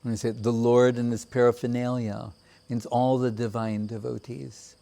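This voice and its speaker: A man giving a measured, reflective devotional talk with many pauses. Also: medium pitch, level tone, creaky, dark tone. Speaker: spiritual teacher. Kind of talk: devotional discourse.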